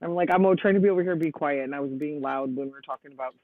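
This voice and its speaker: Talking rapid-fire in a higher voice, a live streamer chats casually and at length, laughing a lot and spinning lively stories. The audio has a dry, tinny, phone-like quality with no room sound.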